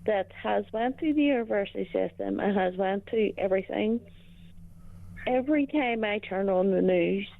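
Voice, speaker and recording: A woman from Northern Ireland with a Northern Irish accent, calling in and speaking in a hesitant, halting way. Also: mid-range voice, gravelly, dry recording. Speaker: caller. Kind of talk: casual phone-in chat. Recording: tinny phone line.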